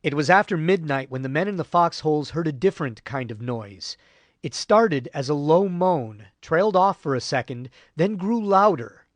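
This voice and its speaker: A man narrating a war history audiobook in a measured, grave storytelling voice. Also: fairly high pitch, animated, dry recording. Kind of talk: scripted narration.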